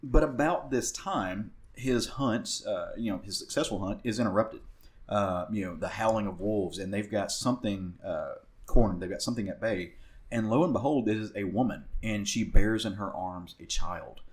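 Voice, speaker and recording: A man's voice: lowish voice, moderate pace. A man with a Southern US accent co-hosting a podcast, recapping a comic book in a rambling casual way with many fillers and restarts. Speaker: podcast co-host.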